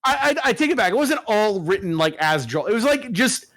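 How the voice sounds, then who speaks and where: A man co-hosting a podcast, telling a story in casual chat, animated and full of swearing. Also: sits high, fairly quick, dry recording. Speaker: podcast co-host.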